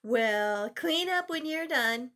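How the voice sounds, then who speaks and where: A woman's voice: high voice, animated, slow, a bit bright, exaggerated voice. A woman reading a storybook aloud, voicing a patient, amused mother who calls out in mild surprise. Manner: calling out, mildly surprised. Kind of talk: reading a picture book aloud.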